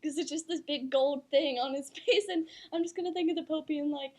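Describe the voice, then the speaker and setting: A woman's voice: sits high, fairly even intonation, a little fast. A young woman co-hosting a student talk show in a giggly, gushing casual chat, peppering her talk with "like.". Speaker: co-host.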